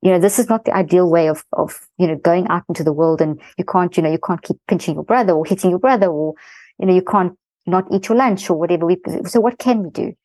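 A middle-aged woman, a guest expert in an interview, explaining a parenting method in fast-flowing, animated talk. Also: lowish voice, dry recording, low-quality recording.

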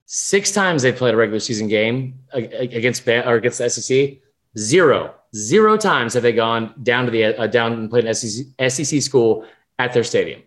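A man co-hosting a sports podcast, talking in a rambling, animated, profane way. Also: medium pitch, a little fast. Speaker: podcast co-host. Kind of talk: casual sports chat.

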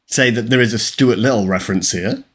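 A man's voice: on the low side, fairly quick. A man co-hosting a casual film-review podcast, chatting in an easygoing, agreeable way. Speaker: podcast co-host.

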